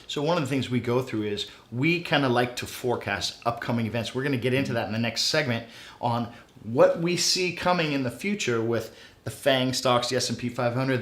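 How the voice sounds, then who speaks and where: A man's voice: medium pitch, a bit bright, roomy sound. A man hosting a finance web show, upbeat and salesy, talking straight to viewers. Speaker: show host.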